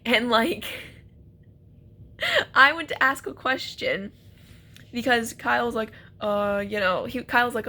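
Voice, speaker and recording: A young woman telling a casual, animated story about a first date, laughing and acting out quotes. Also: on the high side, slight background noise. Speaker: vlogger.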